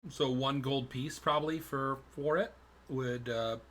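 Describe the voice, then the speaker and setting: A man's voice: medium pitch, steady tone, a little slow, a bit bright. A man narrating a tabletop game as game master, in a loose, rambling way with many fillers.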